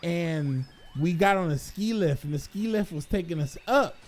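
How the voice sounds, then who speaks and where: A young man telling a vacation story in a casual, animated rant, swearing and laughing. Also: fairly high pitch, normal speed.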